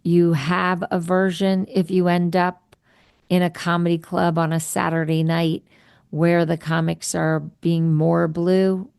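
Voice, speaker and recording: A woman's voice: lowish voice, vocal fry, warm tone, clean tone, no echo, studio quality. A woman hosting a casual interview podcast, chatty and explaining terms for her listeners. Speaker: podcast host.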